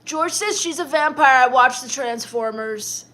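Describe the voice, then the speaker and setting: Young woman livestreaming, high voice, flat sarcastic brush-offs to her chat. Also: a little slow. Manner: deadpan, dismissive, sarcastic. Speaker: livestream host reading viewer chat. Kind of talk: in-character comedic livestream chat.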